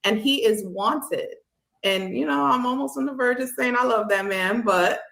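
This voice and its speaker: Woman guest chatting candid and relaxed, echoey roomy sound. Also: mid-range voice, moderate pace, gravelly. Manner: candid, laughs easily. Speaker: podcast guest. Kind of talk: casual chat. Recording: roomy echo.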